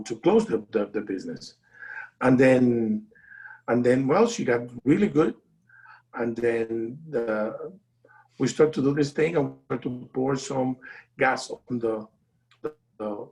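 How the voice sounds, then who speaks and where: A man with a gravelly edge recounts how his business began. His English is non-native and halting, full of pauses and restarts. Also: mid-range voice, a little mellow, poor audio. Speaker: guest business owner. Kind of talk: casual storytelling.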